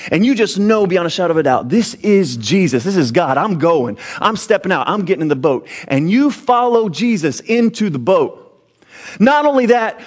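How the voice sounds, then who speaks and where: Male pastor preaching a sermon; high-pitched voice, emphatic, halting restarts.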